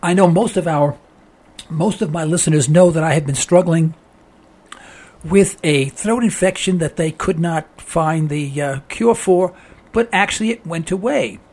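A man hosting a call-in talk radio show, hoarse with laryngitis, ranting with exasperation and repeating himself. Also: on the high side, measured pace, darkish tone.

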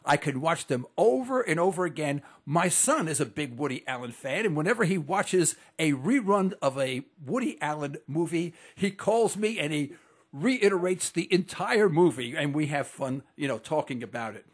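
A middle-aged man from New York hosting a call-in radio talk show, speaking formally, slowly and deliberately. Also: fairly high pitch, animated, slightly rough.

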